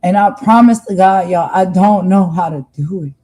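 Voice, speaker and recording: A woman's voice: on the low side, normal speed, warm tone, poor audio. A woman from the United States hosting a livestream, talking to viewers in an earnest, heartfelt monologue and often repeating herself for emphasis. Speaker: livestream host.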